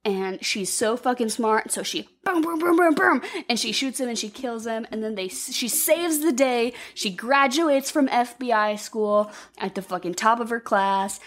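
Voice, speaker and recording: A woman co-hosting a podcast, casually retelling a film plot in a rambling, animated way with lots of swearing. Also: fairly high pitch, moderate pace, few pauses. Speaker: podcast co-host. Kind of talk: casual movie recap chat.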